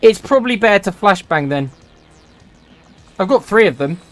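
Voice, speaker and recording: A man in his forties talks through his strategy game as he plays, griping and sarcastic whenever a shot goes wrong. His voice sits high for a man, with faint game music under it. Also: animated, moderate pace, a bit bright. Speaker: gaming channel host. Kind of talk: let's-play commentary.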